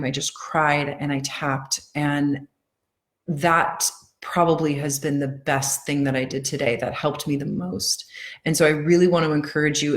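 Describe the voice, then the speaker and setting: A woman leading a tapping session, speaking gentle affirmations slowly and soothingly, then talking earnestly and warmly to her live audience. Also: low voice. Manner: earnest, heartfelt. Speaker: EFT tapping coach. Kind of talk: casual live-stream talk.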